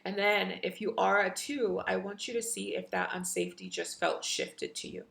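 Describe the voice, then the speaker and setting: Gravelly, bright-voiced woman spiritual coach. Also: mid-range voice, fairly even intonation, moderate pace. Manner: effusive, breathy exclamations, chant-like repetitions. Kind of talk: guided meditation and activation session.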